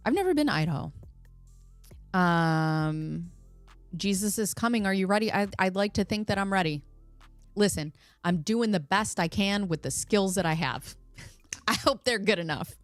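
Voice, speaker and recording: A woman's voice: lowish voice, no echo. A woman hosting a casual livestream from America, chatty and joking as she reads out viewer comments. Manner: chatty, laughs often, jokey. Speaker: livestream host.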